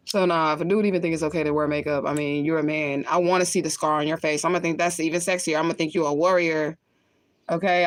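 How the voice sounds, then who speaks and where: A woman's voice: lowish voice, dry recording. A woman, a spiritual medium, chatting casually on a livestream, reading viewer comments and talking bluntly with lots of swearing and laughter. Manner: blunt, profane, laughs often.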